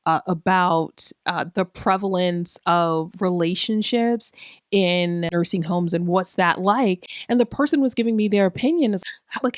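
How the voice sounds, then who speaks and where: A woman's voice: medium pitch, no echo, studio quality. Laughing, self-mocking woman podcaster. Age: 40s. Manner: loose and profane, with rhetorical questions. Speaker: podcast host. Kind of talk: casual comedic podcast monologue.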